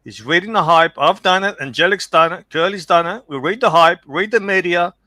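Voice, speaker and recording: A man hosting a livestream, talking excitedly and dramatically with lots of repetition. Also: sits high, a little fast, no room sound. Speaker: livestream host. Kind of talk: livestream gossip chat.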